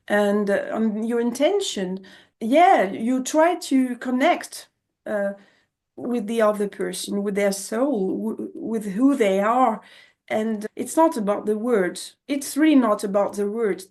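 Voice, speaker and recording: A woman's voice: a little high, a little mellow. A woman with a French accent, a guest coach who speaks English as a second language, thoughtful and laughing easily as she talks. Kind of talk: conversational interview.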